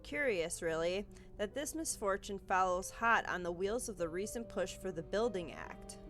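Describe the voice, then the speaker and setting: Woman voicing a grave news anchor in a story game, measured and ominous, mid-pitched voice, soft game music underneath. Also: expressive, natural voice.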